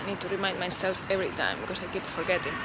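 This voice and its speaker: A woman's voice: on the low side, lively intonation, rapid-fire, background noise. A woman vlogger talking unscripted to camera outdoors, in a loose, reflective way full of "you know" and "like".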